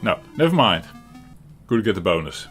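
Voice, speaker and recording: A retro gaming channel host with a Dutch accent from the Netherlands gives casual, rambling commentary on his game in a fairly low, sing-song voice. His tone is fairly bright and his pace normal, and he chuckles often and restarts frequently. Soft background music accompanies him.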